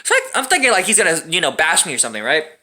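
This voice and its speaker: Young male storyteller, casual and wry, bright tone. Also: fairly high pitch, rapid-fire. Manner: animated, profane, wry.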